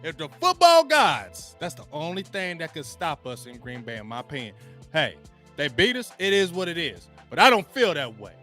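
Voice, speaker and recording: A man on a sports talk show, riled up and ranting in a tense, bright voice. He speaks somewhat high, loops his phrases and leans on slang. Faint music plays behind him. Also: huge pitch swings, moderate pace. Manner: hyped, repetitive, slangy, chant-like calls. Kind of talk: excitable sports talk rant.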